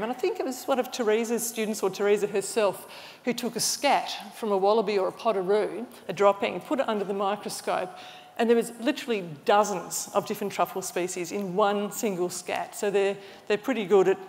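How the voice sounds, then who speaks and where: A woman gives an illustrated public lecture at a middle pitch. She explains with keen enthusiasm and restarts a phrase here and there. Her voice trails a long reverb through a large hall. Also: steady tone, brisk. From Australia. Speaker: mycologist giving a talk.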